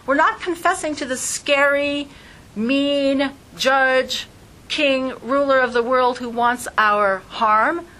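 A woman teaching an informal class who talks in a lively way and acts out voices when she quotes people. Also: sits high, takes it slowly, poor audio.

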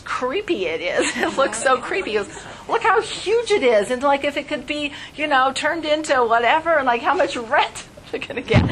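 A woman giving a casual spoken Torah class, telling stories in a chatty, animated way with little laughs. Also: mid-range voice, a little hiss or hum, rough recording.

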